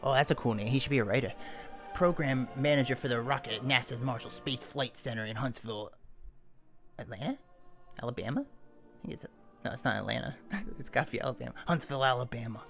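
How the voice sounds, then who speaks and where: A man's voice: medium pitch, a little fast, vocal fry, fairly bright tone, faint music behind. A man live-streaming, reading news articles aloud and breaking off into irritated, swearing asides. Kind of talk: ranting news commentary.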